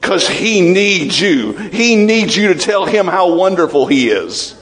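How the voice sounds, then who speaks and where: A man preaching a sermon as pastor, emotional and animated, swinging between raised fervor and low, quiet intensity. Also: a little slow, big-room sound.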